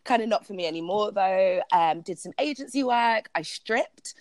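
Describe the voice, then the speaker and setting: A woman's voice: mid-range voice, lively intonation, moderate pace, darkish tone, no room sound. A woman from London with a London accent, a guest chatting in a casual interview, bubbly and laughing often. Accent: London English. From London, England.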